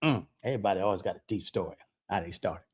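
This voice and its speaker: A deep-voiced man talks quickly as he vlogs, telling a casual story with lots of animation. He retells back-and-forth conversations full of "I said, he said," repeating words when excited.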